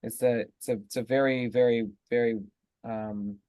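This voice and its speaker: A man teaching as a rabbi, explaining word meanings in a halting way full of fillers and restarts. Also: medium pitch, steady tone, a little mellow, smooth, dry recording. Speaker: rabbi leading a text study. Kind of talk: casual teaching discussion.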